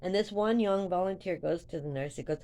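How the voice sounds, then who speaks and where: An older woman vlogging, telling a story to her viewers in a chatty, rambling way that grows animated when she retells events. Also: lowish voice, brisk. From United States.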